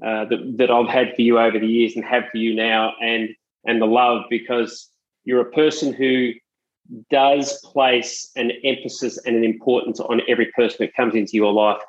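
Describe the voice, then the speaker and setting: A man's voice: medium pitch, flat delivery, moderate pace. Earnest Australian man, dull lo-fi sound. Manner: earnest, heartfelt. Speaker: fitness business owner, podcast guest. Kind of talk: casual podcast chat.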